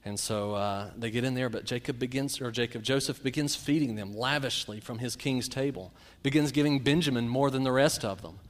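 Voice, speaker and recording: A man preaching a sermon, telling Bible stories and a personal anecdote and acting out the quotes with lively shifts. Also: medium pitch, a little fast, few pauses. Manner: storytelling, animated, acts out quotes.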